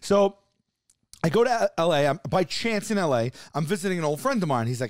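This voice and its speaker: A man co-hosting a podcast, telling a story in casual chat, animated and sometimes shouting out quoted lines, with a New York accent. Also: fairly high pitch, a little fast, no room sound, clean studio sound. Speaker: podcast co-host.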